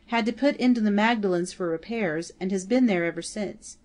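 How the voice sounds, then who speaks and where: A woman reading an excited man with harbour news. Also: mid-range voice, close to an everyday voice. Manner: rushed, trembling.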